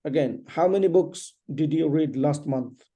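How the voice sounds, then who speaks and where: Patient man teaching English, dark voice. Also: a little high. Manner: patient, repeats questions, explains slowly. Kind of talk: one-on-one English lesson drill.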